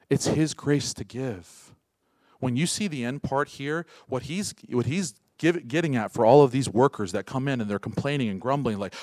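A pastor with a mid-range voice preaches at a moderate pace, firing rhetorical questions at his congregation. He swings from loud, urgent peaks to soft, hushed asides, and the recording is dry.

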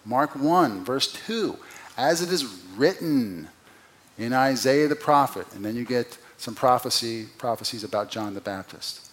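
A man preaching an expository sermon, who asks the listeners rhetorical questions and swings from loud emphatic peaks to quiet, low drops. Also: moderate pace, few pauses. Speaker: pastor.

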